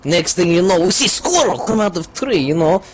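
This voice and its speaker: Guy doing a russian accent bit, crude foul-mouthed tall tale teller, broken english, kinda high voice, bit of hiss behind. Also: normal speed. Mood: deadpan. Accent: put-on Russian. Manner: broken English, swears a lot, deadpan. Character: crude young man telling tall tale. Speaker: gaming group regular. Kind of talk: rambling comic storytelling.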